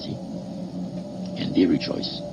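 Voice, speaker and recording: A man's voice: slow, lo-fi sound, very noisy. A man preaching a sermon in an emphatic way, stopping to ask "See?".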